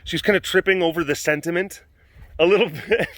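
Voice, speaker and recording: A man's voice: sits high, a little fast, fairly bright tone. A man hosting a casual vlog outdoors at an animal facility, telling a story in a jokey, rambling way full of restarts. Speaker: vlog host at an animal sanctuary.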